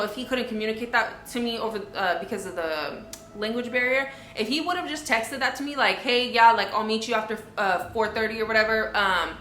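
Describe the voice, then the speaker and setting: A woman's voice: fairly high pitch, sharp tone, reverberant, slight background noise. A young woman vlogger telling a storytime vlog in an indignant, conversational way, with many fillers.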